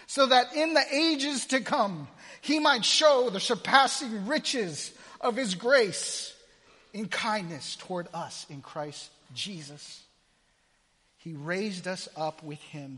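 High-voiced male pastor, impassioned sermon delivery, reverberant room. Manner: impassioned preaching, swinging between quiet intensity and loud exclamation.

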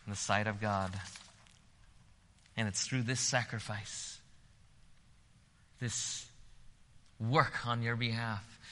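A man preaching a sermon in a church, swinging from hushed lines to loud, emphatic repetition. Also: mid-range voice, in a large hall. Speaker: pastor. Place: church sanctuary.

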